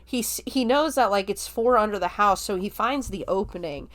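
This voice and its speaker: A woman hosting a film review podcast, retelling the plot in a chatty, casual way full of fillers and quick laughs. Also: mid-range voice.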